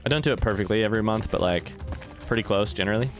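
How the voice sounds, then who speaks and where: A young man casually commenting while he plays a game and chats with viewers, breaking into yelps and shouts when things go wrong. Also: on the low side, rapid-fire, over music. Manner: excitable, swings into yelps and shouts at failures; chatty with chat, reads messages aloud. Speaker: streamer playing a game. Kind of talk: casual let's play commentary.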